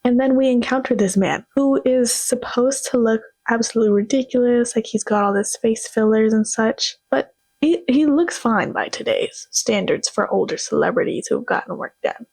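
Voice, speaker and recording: A woman's voice: a little high, moderate pace, gravelly, darkish tone, no room sound. A young woman giving a sassy, slang-filled casual movie commentary as host.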